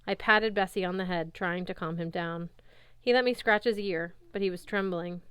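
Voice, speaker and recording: A woman narrating a novel aloud in a steady, even storytelling manner. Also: lowish voice, normal speed, smooth, dry recording. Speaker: audiobook narrator. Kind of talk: audiobook narration.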